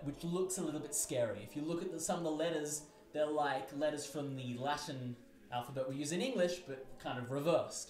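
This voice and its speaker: A man explains things to the camera in a casual, chatty way, sitting a little higher in pitch than most men. His delivery is loose and conversational, and his voice rises and falls in loudness. The sound bounces around an echoey room. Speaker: vlogger, English teacher in Russia.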